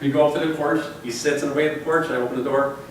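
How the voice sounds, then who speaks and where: Talking rapid-fire with a steady tone and a voice on the high side, a man in his forties motivates his company's staff with personal stories, rambling and repeating phrases to drive points home. The room echoes, he is far from the mic, and there is a little hiss or hum.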